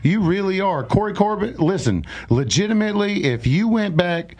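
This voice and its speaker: A man's voice: high-pitched, expressive, normal speed, a little mellow. A man, a slap fighter, trash-talking in casual, profane podcast chat.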